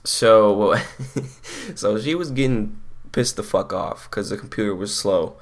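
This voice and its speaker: A teenage man telling a story in a slow, crude, laughing way as a podcast co-host. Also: on the low side, lively intonation. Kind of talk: casual chat.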